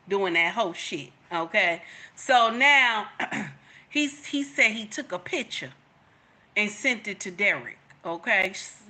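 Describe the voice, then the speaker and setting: A woman giving casual reaction commentary, animated and repetitive, talking straight to her viewers. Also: medium pitch. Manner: animated, repeats herself, talks to viewers.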